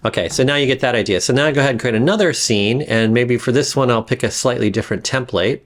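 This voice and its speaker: A man giving a casual screen-recorded software tutorial, rambling with frequent fillers and restarts. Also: medium pitch, quick pace. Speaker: instructor demonstrating software.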